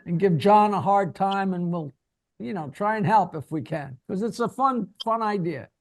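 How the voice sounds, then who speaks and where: A man's voice: high voice, normal speed. A man co-hosting a podcast, giving rambling advice with many "you know"s and restarts. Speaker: podcast co-host. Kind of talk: podcast interview.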